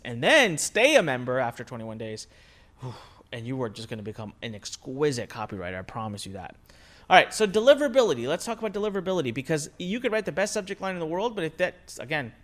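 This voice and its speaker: Energetic man teaching a marketing lesson. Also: fairly high pitch. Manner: energetic, conversational, emphatic with rhetorical questions. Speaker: online marketing instructor. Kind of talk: recorded course lesson.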